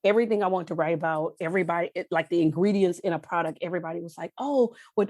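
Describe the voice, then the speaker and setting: A middle-aged woman from Texas, a podcast guest telling heartfelt stories, her pitch jumping up when she gets animated. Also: racing, no room sound. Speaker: podcast guest, wine journalist. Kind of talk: emotional storytelling interview.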